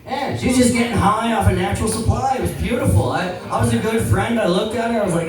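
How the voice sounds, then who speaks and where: A man's voice: high-pitched, fast talker, few pauses, over music. A man doing a rambling, self-deprecating stand-up set full of swearing and crowd work. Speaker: stand-up comedian. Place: small comedy venue. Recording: echoey room from far off, crowd audible.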